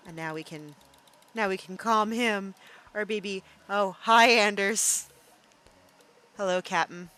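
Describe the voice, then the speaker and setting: A young woman streaming a game, chatting playfully and thinking out loud with plenty of fillers. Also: mid-range voice, slow, long pauses. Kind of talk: casual live-stream game commentary.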